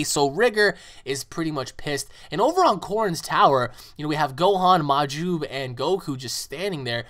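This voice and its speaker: A man's voice: fairly high pitch, expressive, moderate pace, hardly any pauses, a bit bright. Rambling man summarizing a comic. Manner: rambling, full of "you know" and "like" fillers. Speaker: comic review channel host. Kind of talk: casual retelling of a fan comic.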